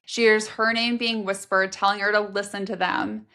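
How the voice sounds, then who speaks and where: A woman's voice: medium pitch, little pitch movement, moderate pace, bright, forceful tone. Brief: woman co-host, casual book recap, blunt and chatty, quotes favorite scenes. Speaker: podcast co-host.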